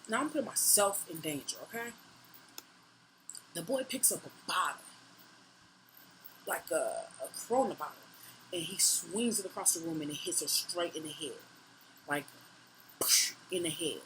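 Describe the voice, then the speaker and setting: Young woman, bright and punchy, profane storytime vlogger, faint hiss. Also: lowish voice, a little slow, long pauses, low-quality recording. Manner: animated, profane retelling that acts out her own lines. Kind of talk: storytime monologue.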